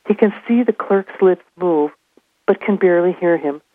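A woman reading aloud from her own novel in a steady, measured narration. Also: on the low side, no echo. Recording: tinny phone line.

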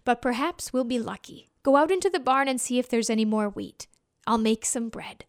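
A woman voicing a weary, hopeful peasant mother who speaks softly. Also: fairly high pitch, lively intonation, normal speed, close to an everyday voice.

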